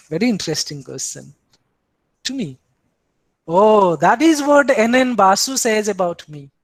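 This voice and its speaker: A man's voice: sits high, dry recording. A man with an Indian English accent giving an academic philosophy lecture, posing rhetorical questions and speaking in the first person for the tradition he explains.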